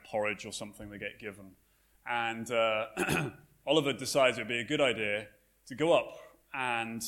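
A man's voice: mid-range voice, a bit bright. Man preaching in a chatty, storytelling way. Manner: conversational storytelling with frequent fillers and restarts. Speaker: pastor. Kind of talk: sermon.

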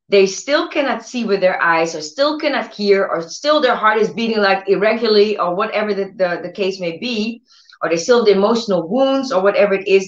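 A woman preaches on healing with animated conviction, slipping into the voices of doubting listeners. Her voice sits in a mid register, carried by a roomy echo. The sound is slightly muffled and lo-fi. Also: medium pitch. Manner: animated, acts out doubters' voices, repeats phrases for emphasis. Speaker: healing ministry teacher. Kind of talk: impassioned faith teaching. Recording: roomy, slightly dull audio.

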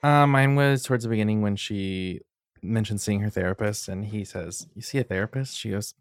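Gravelly low-key man. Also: steady tone, normal speed, no echo, studio quality. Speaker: podcast co-host. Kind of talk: casual chat.

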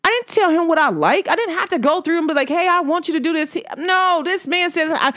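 A woman hosting her podcast, talking casually about spirituality and telling a personal story in an animated way, full of "like". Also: extremely high pitch, fast talker. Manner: animated storytelling, filler-heavy with frequent "like". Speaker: podcast host.

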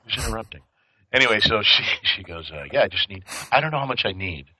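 A man co-hosting a podcast, telling stories in casual chat, animated, swearing a lot and laughing often. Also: lowish voice, fast, crowd noise, rough recording. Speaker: podcast co-host.

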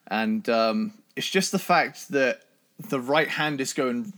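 Man, hoarse voice, casual metal podcast chat, enthusiastic, mid pitch. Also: slow, fairly bright tone. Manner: enthusiastic, imitates drum sounds. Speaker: podcast co-host.

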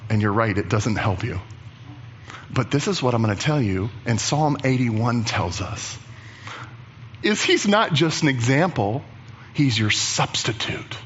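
A man preaching a sermon as pastor, animated and chatty, acting out the voices of Bible figures. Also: mid-range voice, muffled recording, slight background noise.

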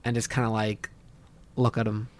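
A man playing a tabletop game, describing his character's moves with a hesitant, halting manner. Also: lowish voice, little pitch movement, slight background noise. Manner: slow, hesitant, many fillers. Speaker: player.

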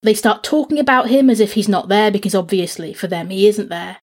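A woman co-hosting a casual book discussion, retelling the plot in a lively way and acting out the characters' lines. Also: mid-range voice, fairly quick. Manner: animated retelling, acts out characters' lines in a raised voice. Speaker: podcast co-host.

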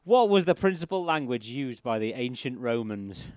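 A man's voice: mid-range voice, animated, normal speed, darkish tone. A man co-hosting a casual podcast, reading out silly quiz answers and laughing often. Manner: laughs often, reads quiz lines with mock host and contestant voices. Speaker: podcast co-host.

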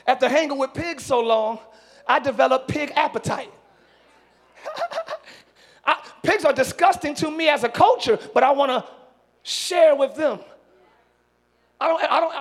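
High-voiced preaching man. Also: normal speed, long pauses. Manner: animated preaching, swings from hushed asides to shouting. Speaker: pastor. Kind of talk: sermon. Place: church sanctuary.

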